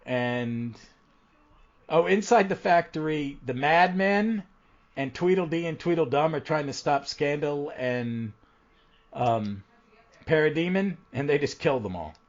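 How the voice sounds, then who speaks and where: A man's voice: fairly high pitch, animated, a little slow. A man hosting a casual comic book podcast, recapping issues with lots of ums and restarts. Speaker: podcast host. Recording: dull lo-fi audio.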